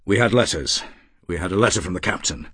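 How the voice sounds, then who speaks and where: A man's voice: low-pitched, animated, quick pace, fairly bright tone, breathy edge, no room sound, heavily acted. A man reading as a cold, stiff young mourner. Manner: clipped, cold. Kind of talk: audiobook character reading.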